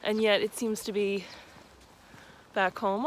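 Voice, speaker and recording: A woman's voice: mid-range voice, moderate pace, a little hiss or hum. A woman chatting upbeat and easily into a handheld phone while walking outdoors on a rural trail, laughing easily. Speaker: vlogger on a long-distance walk. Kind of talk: casual travel vlog.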